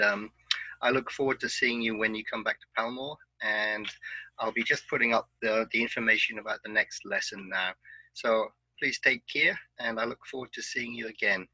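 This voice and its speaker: A man teaching an online English pronunciation lesson, giving patient, clear instructions. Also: fairly low pitch, sharp tone, no room sound, low-quality recording.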